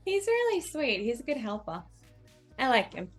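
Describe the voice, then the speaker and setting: A woman with a fairly high voice joins a tabletop game and speaks in character. She is hesitant, stammers and restarts often, and sounds eager to please. Faint music plays behind her. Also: huge pitch swings, moderate pace. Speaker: player. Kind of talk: in-character role-play.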